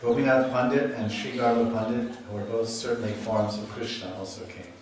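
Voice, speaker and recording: A man's voice: medium pitch, steady tone, brisk, darkish tone, a little hiss or hum. Man lecturing in an echoey hall. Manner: chatty storyteller, laughs at himself, restarts often. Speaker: swami giving a scripture lecture. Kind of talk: lecture on scripture. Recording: echoey hall, mic at a distance.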